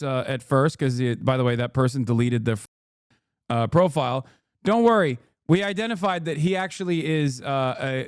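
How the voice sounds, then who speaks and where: High, dry-voiced man mocking the news. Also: smooth, dry recording. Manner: mocking, profane and animated. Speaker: political streamer. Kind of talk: live political commentary.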